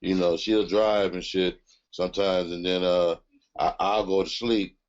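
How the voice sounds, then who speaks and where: An older man, a comedian guest, telling profane stories in casual podcast chat, laughing often and jumping into animated impressions. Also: low voice, a little slow. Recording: dull lo-fi audio.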